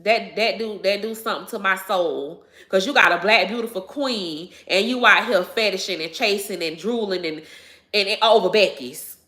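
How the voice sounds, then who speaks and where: A woman's voice: medium pitch, moderate pace, bright, forceful tone, reverberant. A woman hosting a casual livestream, talking emphatically, repeating herself and laughing often. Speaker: livestream host answering viewers.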